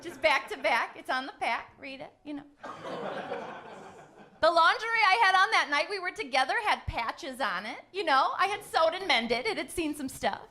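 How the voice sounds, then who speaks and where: A woman's voice: high voice, lively intonation, normal speed, bright, forceful tone. A young woman doing a stand-up comedy set, sarcastic and teasing the crowd with punchy delivery. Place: comedy club stage.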